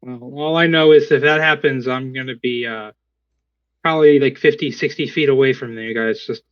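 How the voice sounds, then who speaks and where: A man's voice: mid-range voice, fairly even intonation, normal speed, clean tone. A man playing in a tabletop game, chatty and rambling, often interrupting himself. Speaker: player. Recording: dry, dull lo-fi sound.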